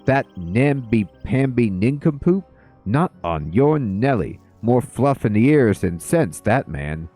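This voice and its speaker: A man voicing a fussy, posh bearded dwarf gentleman who talks in plummy upper-class slang, in a video game. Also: medium pitch, sing-song, takes it slowly, faint music behind, pitched above the performer's own voice.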